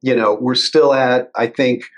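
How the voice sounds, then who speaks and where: A man being interviewed as a guest, explaining in a measured, conversational way. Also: medium pitch, steady tone. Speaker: guest, cybersecurity lawyer.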